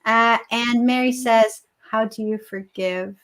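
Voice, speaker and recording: A woman's voice: fairly high pitch, fairly even intonation, takes it slowly, fairly bright tone. A woman co-hosting a live discussion, reading out viewer comments in an affirming way.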